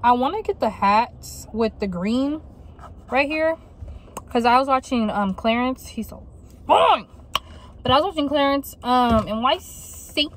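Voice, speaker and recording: A woman's voice: sits high, animated, a little slow, long pauses, a little hiss or hum. A woman vlogging from her car, chatting and ranting casually in slangy everyday talk. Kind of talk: casual vlog chat. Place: in a car while driving.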